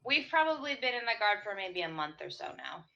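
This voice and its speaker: A woman's voice: mid-range voice, very animated, fairly quick, gravelly, sharp tone, lo-fi sound. Giggly young woman playing a tabletop game. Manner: giggly, hesitant with fillers. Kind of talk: casual chat during a tabletop game.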